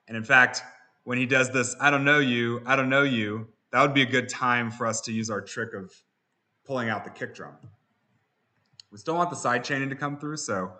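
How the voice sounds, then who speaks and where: A man teaching music production software, relaxed, with frequent fillers and restarts. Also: medium pitch. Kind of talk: software tutorial.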